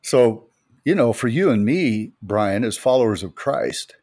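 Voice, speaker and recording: A man's voice: mid-range voice, lively intonation, a little slow, darkish tone, breathy edge, dry recording, studio quality. A middle-aged man from the United States, co-hosting a podcast and telling anecdotes with emphasis. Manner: storytelling, emphatic retelling of anecdotes. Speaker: podcast co-host. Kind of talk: casual faith podcast chat.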